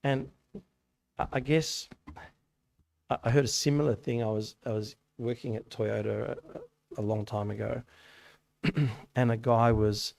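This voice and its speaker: This youth meeting speaker has a medium-pitched, darkish, creaky voice with fairly even intonation, speaking a little slowly and pausing often. He gives young people a conversational sermon in a church hall, with stories and rhetorical questions.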